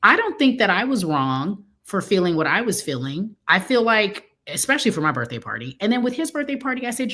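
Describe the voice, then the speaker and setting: A woman's voice: mid-range voice, a little fast, hardly any pauses. A middle-aged woman co-hosting a casual chat, telling stories and acting out the dialogue of the people in them. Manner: animated storytelling, acting out quoted dialogue. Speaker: co-host.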